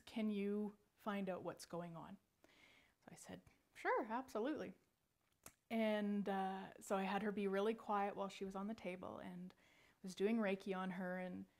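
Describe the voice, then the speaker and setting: A psychic medium in her forties shares a personal story, chatty and animated, restarting her sentences many times. She speaks in a mid-range voice.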